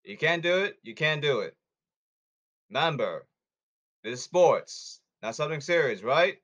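A man's voice: on the high side, very animated, measured pace, fairly bright tone. A man hosting a sports podcast who talks in a blunt, hectoring way and repeats himself, in a casual commentary monologue.

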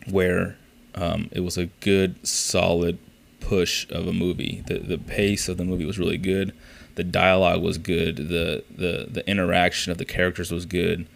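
Low gravelly man ranting casually. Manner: profane, rambling, exasperated storytelling. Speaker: podcast host. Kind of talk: casual solo podcast rant.

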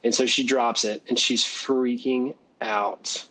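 A man, a former valet, telling a story as a guest, animated, laughing often and acting out other people's voices. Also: medium pitch, takes it slowly, rough recording. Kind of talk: casual storytelling.

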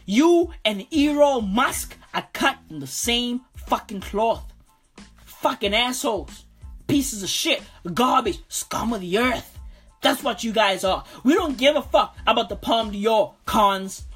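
High, swinging woman ranting with slang. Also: animated, slow, husky, faint music behind. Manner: slangy, swearing, repeating itself; loud exasperated outbursts. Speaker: ranting vlogger. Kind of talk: profane comic rant.

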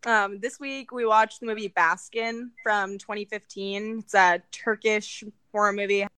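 A woman's voice: mid-range voice, steady tone, a little slow, sharp tone, smooth, no room sound. A young woman hosting a podcast in casual chat, laughing often and swearing casually. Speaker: podcast host.

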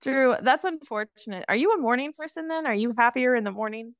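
A woman's voice: a little high, lively intonation, fairly quick, dry recording, studio quality. A woman co-hosting a casual podcast chat over a call, bubbly and laughing often. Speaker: podcast co-host. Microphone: remote call mic.

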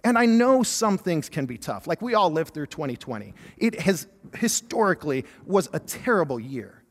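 Man, 30s, youth pastor, high voice, jokey storytelling sermon, reverberant hall sound. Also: moderate pace. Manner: lively storytelling, self-deprecating humor. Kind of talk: sermon with personal stories.

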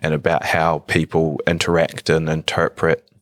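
A young man with an extremely deep voice chats as a podcast guest. He talks in an easygoing way, full of "um" and restarts. The sound is dry and close, with no room echo. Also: completely flat delivery, a bit bright. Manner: easygoing, halting, many fillers and restarts. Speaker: guest guitarist. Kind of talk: casual podcast chat. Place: indoor room with a painting on the wall.

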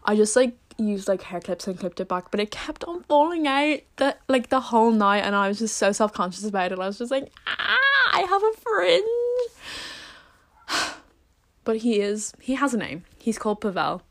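A woman's voice: medium pitch, expressive, a little fast, hardly any pauses, dry recording. A young woman in her late teens chatting casually to the camera, rambling with lots of fillers and poking fun at herself. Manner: rambling, filler-heavy, self-deprecating. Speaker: vlogger.

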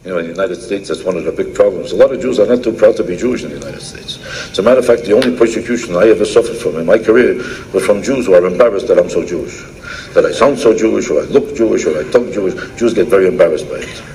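A man's voice: sits low, rapid-fire, warm tone, a little hiss or hum. A male comedian delivering an archival monologue with emphatic, mocking punch lines.

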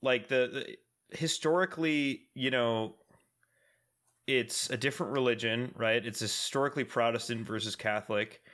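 A man's voice: mid-range voice, moderate pace, a bit bright. A man co-hosting a podcast in loose, casual conversation. He rambles, restarting sentences and leaning on filler words as he goes. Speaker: podcast co-host. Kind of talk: casual chat.

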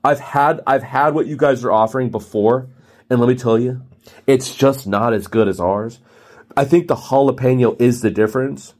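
A man's voice: mid-range voice, normal speed, a little mellow, lightly acted. A man voicing an overeager male salesman who keeps pushing to close the deal. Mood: pushy pitch. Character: pushy fast-pitching adult male salesman.

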